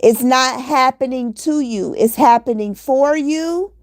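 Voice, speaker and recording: A woman's voice: sits high, unhurried, no echo, studio quality. A woman giving an earnest motivational monologue, repeating her key points in a preachy, exhorting way. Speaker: motivational vlogger.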